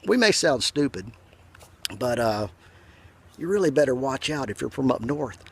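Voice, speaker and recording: A man with a Southern US accent telling a folksy comic story in a slow, drawling, deadpan way. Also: mid-range voice, creaky, a little hiss or hum. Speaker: comedian.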